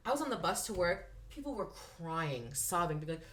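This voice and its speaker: Young drag performer, low voice, chatty storyteller, recorded in an echoey room off-mic. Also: female voice, normal speed. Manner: chatty storyteller, lots of "like", animated impressions. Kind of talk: casual chat.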